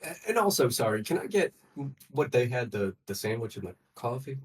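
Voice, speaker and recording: A man's voice: medium pitch, big pitch swings, brisk, slight background noise. A man player in a tabletop game, talking in a hesitant, playful way with many uhs. He sounds a little distant from the microphone. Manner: hesitant, filler-laden, playful. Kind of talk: playing a character in a tabletop game. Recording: somewhat distant from the mic.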